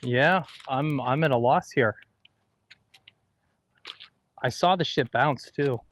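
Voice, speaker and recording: A man's voice: mid-range voice, takes it slowly, a bit bright. A man playing golf and co-hosting a livestream, talking plainly through his shots outdoors on the course. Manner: plain-spoken, mildly frustrated, talks through his shots. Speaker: golfer and co-host. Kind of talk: casual talk while playing golf.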